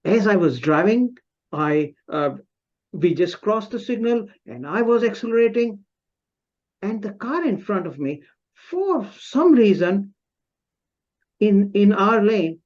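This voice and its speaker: Slow, self-mocking man telling a story. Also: high-pitched, lively intonation, highs cut off. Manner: self-mocking, with pauses and restarts. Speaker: club speaker. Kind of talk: humorous personal storytelling speech. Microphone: video call.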